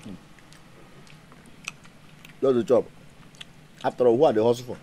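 A man's voice: medium pitch, moderate pace, mellow, slightly rough. A scolding Nigerian father. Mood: stubborn. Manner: scolding, exasperated, mocking. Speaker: actor. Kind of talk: comedic film acting.

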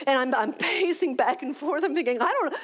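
A woman with a fairly high voice giving a motivational talk to young professionals. She tells a personal story frankly and with humor at her own expense. She often acts out what she said and thought at the time. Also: animated, fairly quick. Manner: frank and self-deprecating. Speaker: speaker at a leadership conference.

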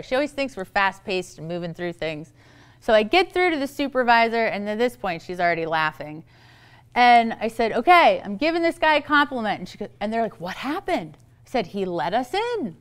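Animated woman giving a talk, clear voice. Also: on the high side, moderate pace. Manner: animated, acts out quoted voices. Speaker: speaker giving a parenting talk. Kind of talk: storytelling presentation to an audience. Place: event hall.

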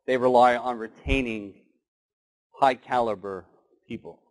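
A man's voice: mid-range voice, fairly even intonation, unhurried, poor audio. Man giving a motivational keynote talk. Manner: storytelling with acted animal voices. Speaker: keynote speaker.

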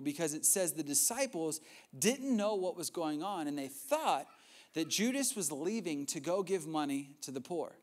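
A young adult man preaching a sermon as a pastor, retelling a story in an animated way with asides and acted-out quotes. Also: a little high.

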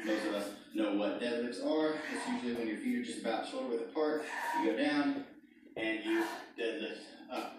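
Man, fitness instructor, upbeat coaching, far from the mic, very echoey room, noisy. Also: medium pitch. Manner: upbeat coaching, demonstrating moves while talking. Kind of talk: workout demonstration.

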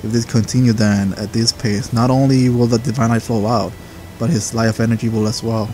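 A man's voice: mid-range voice, little pitch movement, brisk, hardly any pauses, mellow, soft background music. A man casually playing through a game and reading its dialogue aloud, with offhand asides. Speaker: gaming channel host.

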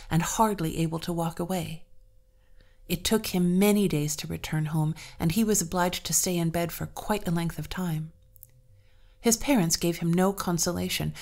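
A woman narrating an old folktale in a measured, expressive storytelling voice. Her tone sits fairly low and steady as she reads.

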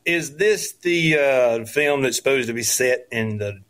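A man's voice: mid-range voice, a little slow, fairly bright tone. Hesitant man, history professor guest. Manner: hesitant, full of uh's and restarts. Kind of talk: casual interview talk.

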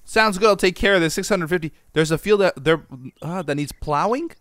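A man's voice: sits high, brisk, fairly bright tone, no echo, studio quality. A man hosting a gaming channel, giving casual, playful commentary to his viewers as he plays. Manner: playful and joking, talks to viewers.

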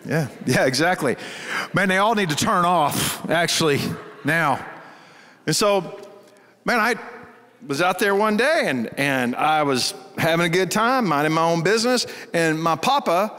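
Animated Texan pastor in a hall. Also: male voice, a little high, a little slow. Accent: Texas. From Texas. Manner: folksy, animated, acts out voices in stories. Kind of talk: storytelling sermon. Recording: reverberant church hall.

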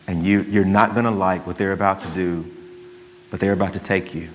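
A man with a Southern US accent, a pastor voicing a calm, menacing father on the phone during a sermon. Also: sits low, brisk, a little hiss or hum, voice pushed down, close to an everyday voice. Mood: steady menace. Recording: long church hall reverb.

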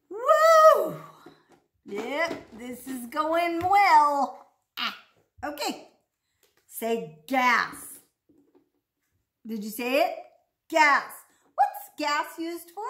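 A woman speech therapist coaches children through sound drills in a playful, exaggerated voice. Her pitch sits high and leaps around in sing-song swoops, and she takes her time over every word. The room around her is echoey. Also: fairly bright tone, slight background noise. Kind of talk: speech practice lesson for children. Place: home room.

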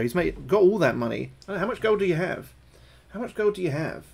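A man streaming a horror game live, excitable and swearing, yelping when he gets scared. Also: on the high side, fast, gravelly, breathy edge. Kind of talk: live gameplay commentary.

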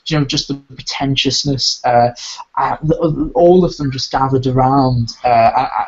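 A man's voice: mid-range voice, fairly even intonation, a little slow. Rambling enthusiastic man, dull lo-fi sound. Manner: enthusiastic, rambling with many restarts. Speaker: podcast host reviewing audio dramas. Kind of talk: casual review chat. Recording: dull lo-fi recording.

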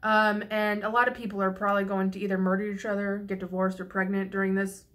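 A woman's voice: medium pitch, level tone, fast talker, a bit bright. A young woman vlogging, venting frankly and profanely in a rambling casual monologue with frequent restarts, a little tipsy. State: slightly tipsy.

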